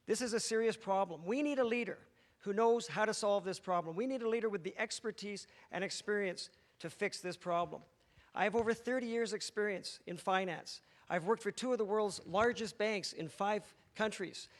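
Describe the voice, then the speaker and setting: Assertive man giving a stump speech. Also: sits high. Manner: brisk, assertive, talking-point delivery. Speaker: political candidate. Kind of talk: debate opening statement. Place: large theatre stage.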